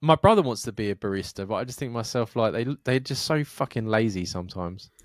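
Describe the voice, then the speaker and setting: A man's voice: lowish voice, lively intonation, fast, dry recording, clean studio sound. A man co-hosting a podcast, chatting casually in a mumbling, sweary way. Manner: mumbling, sweary, laughs along. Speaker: podcast co-host. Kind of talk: casual chat.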